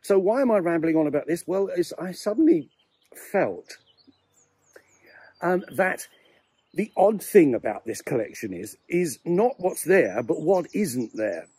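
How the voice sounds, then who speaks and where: An English man in his sixties, out of breath from a brisk walk, rambling wryly and chattily through a vlog while strolling outdoors in a cemetery. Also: fairly high pitch, sing-song, warm tone, slightly rough, dry recording. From England. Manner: chatty, wry and self-mocking. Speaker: vlogger.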